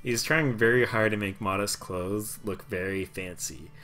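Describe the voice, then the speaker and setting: A man's voice: on the low side, unhurried, bright, forceful tone. A man narrating a tabletop game as game master, in a casual, rambling way. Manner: casual and rambling, many fillers.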